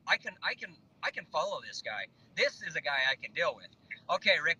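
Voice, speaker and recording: A man tells a story in a casual, animated way, slipping into the voices of people he quotes. His voice is very bright and forceful, sitting a little high for a man, with faint noise behind him. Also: a little fast, poor audio. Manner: animated, impulsive storyteller quoting others. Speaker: network marketing distributor. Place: Facebook Live broadcast.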